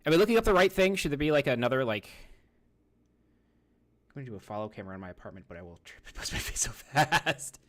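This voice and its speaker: A man's voice: mid-range voice, animated, quick pace. A man streaming live, chatting casually with his viewers in a rambling, profane way and talking to himself while he browses.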